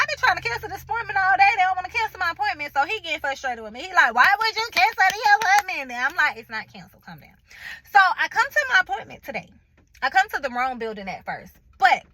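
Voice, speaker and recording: A woman with a high, bright, sharp voice tells a personal story straight to her viewers. She talks emphatically and colloquially, acting out each conversation she retells. The recording is dry and close, with no room sound. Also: dry recording, poor audio. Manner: colloquial, chatty, addresses viewers directly. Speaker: vlogger sharing a health update.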